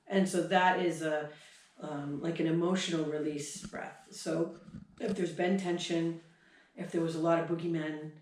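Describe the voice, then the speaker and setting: A woman's voice: deep voice, a little slow. Woman teaching in an echoey hall. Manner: demonstrates breath sounds, sighs and huffs, chatty. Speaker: horse trainer teaching a clinic. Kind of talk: explaining at a workshop. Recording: echoey hall, mic far off.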